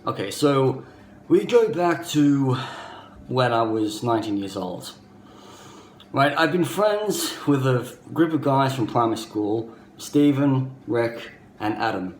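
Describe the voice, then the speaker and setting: A man's voice: mid-range voice, animated, slow pace. A man in his thirties with an Australian accent, telling a personal story to camera in an earnest, rambling way, often leaning on "basically" and "you know". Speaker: vlogger. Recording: echoey room with faint background noise.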